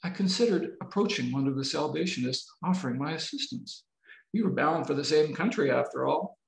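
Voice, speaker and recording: A novelist reading his novel aloud in a measured, expressive way over a video call. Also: fairly high pitch, vocal fry. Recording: roomy video-call audio.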